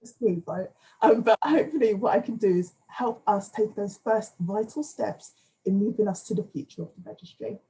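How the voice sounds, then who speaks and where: A woman's voice: medium pitch, moderate pace, warm tone, poor audio. A woman giving a playful, self-deprecating but earnest candidate speech over a video call. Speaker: candidate for advisory council.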